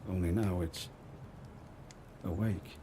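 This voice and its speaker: Gruff northern english trader in the woods, real deep, liverpool bits, noisy game audio. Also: male voice, steady tone, takes it slowly, dark tone. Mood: musing. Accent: northern English with Liverpool hints. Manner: folksy, wary, chatty storyteller.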